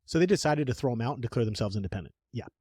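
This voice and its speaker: Animated, joking podcast man. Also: medium pitch, very fast, slightly rough, dry recording, studio quality. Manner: jokey, animated storytelling with playful put-on voices. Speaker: podcast co-host. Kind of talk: casual podcast chat.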